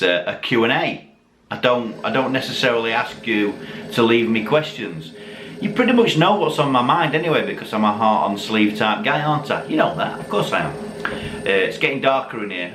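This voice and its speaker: A tipsy man, rambling, swearing and mocking himself as he chats to camera at home. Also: medium pitch. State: tipsy from drinking. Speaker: YouTube channel host. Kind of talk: casual chat to camera. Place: dim room at home, lit by Christmas lights. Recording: echoey room with faint background noise.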